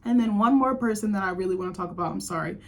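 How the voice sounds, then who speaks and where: A woman's voice: mid-range voice, rapid-fire. A young woman hosting a casual chat show, gushing and chatty, filling her talk with "like". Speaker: host.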